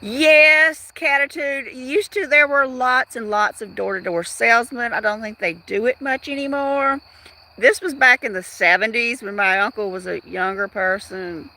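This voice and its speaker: A woman's voice: a little high, measured pace, bright, forceful tone. A woman hosting a casual outdoor livestream at dusk, rambling chattily and talking straight to her viewers. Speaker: livestream host.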